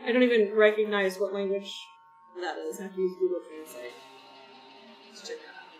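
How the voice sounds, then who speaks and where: Woman streamer, rambling easy chat; mic set back in a roomy space, soft game music underneath. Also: mid-range voice, a little fast, recorded from a distance. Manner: rambling, chatty, talks to chat viewers. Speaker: gaming streamer. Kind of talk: casual chat while playing a game.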